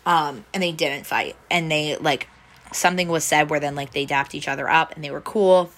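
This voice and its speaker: A young adult woman recounts a night out in loose, chatty storytelling, full of restarts and "like" fillers. Her voice sits low, yet it has a bright, forward edge. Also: moderate pace. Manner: rambling, heavy use of "like" fillers, restarts. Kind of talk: casual storytelling chat.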